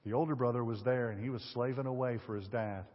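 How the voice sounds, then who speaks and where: A man preaching a sermon in a large hall, his voice trailing into long reverb. He reads scripture passages aloud and then talks them through in a relaxed, conversational way, with the occasional filler. The audio is dull and muffled. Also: medium pitch, quick pace. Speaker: pastor.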